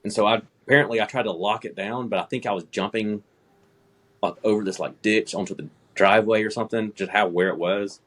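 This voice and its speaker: A man's voice: on the low side, steady tone, fairly quick, fairly bright tone. A man in his thirties, an air traffic controller, telling a personal story in casual conversation and laughing at himself.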